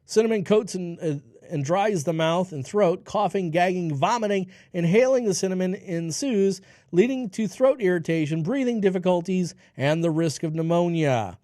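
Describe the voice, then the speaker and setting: A man's voice: high voice, moderate pace, few pauses, darkish tone, no room sound, studio quality. A man in his forties hosting a health radio show, reading news headlines and breaking into sarcastic, ranting asides. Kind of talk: solo health news commentary.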